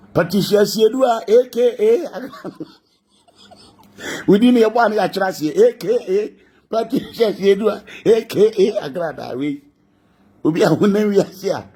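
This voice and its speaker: A man's voice: high voice, dark tone, slightly rough. A man with a Ghanaian accent giving mocking gossip commentary, laughing often between lines. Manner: laughing, mocking, mixing languages.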